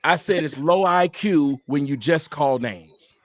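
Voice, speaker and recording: A man's voice: on the high side, unhurried, a bit bright, no echo, studio quality. A man hosting a streamed panel show, arguing heatedly, profane and combative, often talking over the other speaker. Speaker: show host.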